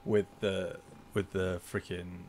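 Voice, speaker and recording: An easygoing man hosts a casual podcast, chatting loosely and laughing often. His voice sits at a medium pitch. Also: expressive, fairly quick, a bit bright, slight background noise. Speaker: podcast host.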